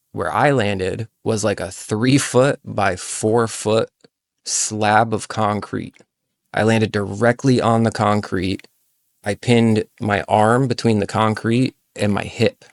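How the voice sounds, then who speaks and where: A man's voice: lowish voice, dry recording, studio quality. A man hosting a livestream, telling a long personal story in a casual, profane, rambling way, full of "like" and acted-out quotes. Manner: acts out friends' voices in quoted lines. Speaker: livestream host.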